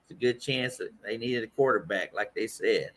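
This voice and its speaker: A man on a casual sports podcast, running through a ranked list in a relaxed way. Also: lowish voice, moderate pace.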